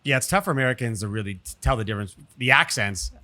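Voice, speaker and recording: A man co-hosting a podcast in casual chat, chiming in quickly and agreeably. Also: medium pitch, lively intonation, sharp tone. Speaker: podcast co-host.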